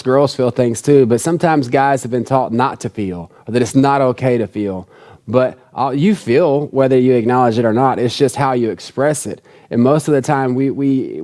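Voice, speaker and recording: A man's voice: medium pitch, darkish tone. A man preaching a sermon in an earnest, conversational way, repeating key phrases for emphasis. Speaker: pastor.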